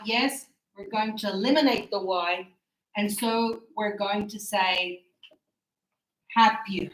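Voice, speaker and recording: A woman teaching English grammar to a class, stretching out words slowly and checking in with "yes?" and "right?". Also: fairly high pitch, a bit bright, reverberant, poor audio. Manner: encouraging, checks understanding with tag questions; slow, drawn-out words for teaching.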